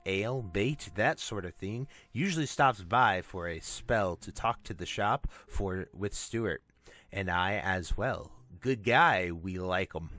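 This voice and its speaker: A talkative fisherman from a fantasy game, played by a man reading the quest text aloud. He drawls along slowly and sits a touch higher than the reader's own deep voice. The tone stays bright and chatty. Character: folksy male harbor fisherman, talkative and friendly.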